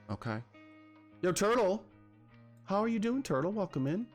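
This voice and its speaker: A man hosting a casual livestream, talking to viewers in an animated, chatty way and slipping into rants. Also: high voice, normal speed, long pauses, soft background music. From Canada. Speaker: livestream host.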